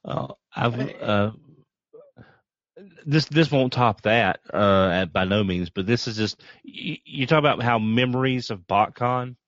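A man's voice: medium pitch, measured pace, fairly bright tone, no echo. Man, hesitant, filler-heavy, dry, dull lo-fi sound. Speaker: podcast panelist. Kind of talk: casual anecdote chat.

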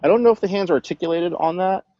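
A man on a podcast in casual chat, speaking fondly and enthusiastically with halting pauses. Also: high voice, no room sound. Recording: dry muffled audio.

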